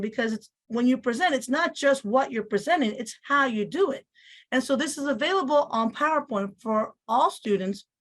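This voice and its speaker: A woman teacher with a Spanish accent and a slight lisp, explaining a software tool step by step. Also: on the high side. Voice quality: slight lisp on some words. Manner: explanatory, repeats phrases, voices on-screen prompts. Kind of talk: instructional screen-share walkthrough.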